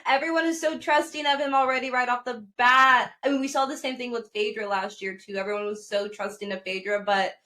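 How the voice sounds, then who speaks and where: A woman's voice: fairly high pitch, fairly quick, hardly any pauses. A woman co-hosting a pop culture podcast, gossiping in a casual chat and acting out what people said. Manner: animated gossiping, acts out quotes. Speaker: podcast co-host.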